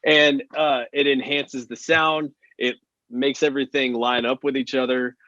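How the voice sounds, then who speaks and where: A man's voice: medium pitch, flat delivery, unhurried, pushed and bright, no room sound, dull audio. A man from Texas, a country singer guest, talking earnestly in casual interview chat with many "you know" fillers.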